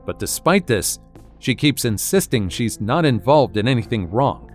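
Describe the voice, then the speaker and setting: A man narrating a video in a scripted, even voice-over. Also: medium pitch, normal speed, music in the background.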